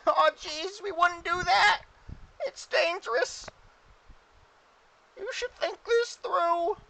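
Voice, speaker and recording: Whiny panicky goblins, game master doing the voice, super high and squealy. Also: slow, creaky, sharp tone, exaggerated voice, rough recording. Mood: alarmed. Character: crowd of whiny nervous goblins.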